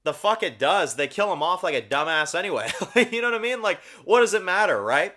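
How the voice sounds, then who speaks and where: A man's voice: sits high, lively intonation, a little fast, pushed and bright. A man hosting his own TV review channel, ranting bluntly about episodes with heavy swearing, lots of fillers and repeated words for emphasis. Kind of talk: casual ranked-review rant.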